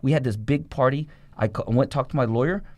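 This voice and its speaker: Middle-aged guy rattling off a gritty story real fast, cursing, animated, dry close sound. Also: medium pitch, no room sound. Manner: rapid, profane, animated storytelling. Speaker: guest. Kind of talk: storytelling interview.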